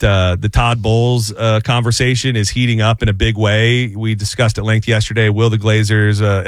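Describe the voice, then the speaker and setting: A sports talk host, a man, giving animated, opinionated takes on football. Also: mid-range voice, no echo.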